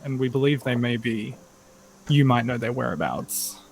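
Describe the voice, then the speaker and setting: A man's voice: medium pitch, expressive, moderate pace, gravelly, background noise. A man describing his character's actions in a tabletop game, rambling with lots of fillers. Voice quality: rambling, filler-heavy, laughing. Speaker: player.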